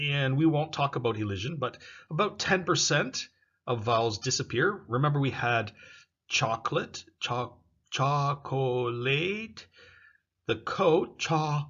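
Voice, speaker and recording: A man giving a recorded English pronunciation lesson over slides, slowly repeating example phrases for students to practice. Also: medium pitch, pushed and bright, slightly rough, lo-fi sound. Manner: slow drilling repetition of example phrases. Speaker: English teacher.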